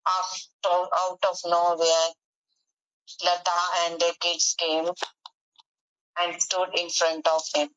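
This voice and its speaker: Woman telling a story real slow, halting, smooth voice, kinda muffled. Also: fairly low pitch, steady tone, a bit bright. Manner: halting, with many pauses and restarts. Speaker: storyteller in a speaking practice. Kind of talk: storytelling for English speaking practice.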